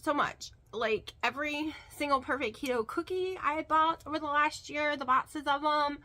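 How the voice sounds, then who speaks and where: High, bright-voiced chatty woman vlogger. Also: normal speed. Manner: rambling and chatty, with many fillers; emphatic, repeating words. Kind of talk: casual chat to camera.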